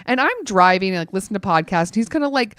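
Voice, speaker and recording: A woman's voice: mid-range voice, quick pace, no room sound. Woman telling a story, dry mic. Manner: animated storytelling, frequent "like" fillers. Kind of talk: casual chat.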